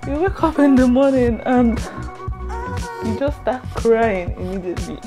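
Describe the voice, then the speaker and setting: A woman's voice: a little high, animated, unhurried, warm tone. A young adult woman tells her own story in a storytime vlog, candid and emotional, confiding straight to her viewers. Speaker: vlogger. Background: music.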